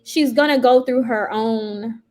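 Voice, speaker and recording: A woman's voice: on the high side, measured pace, darkish tone, a little hiss or hum. A woman in her forties, a loan officer co-hosting a casual chat, encouraging and affirming.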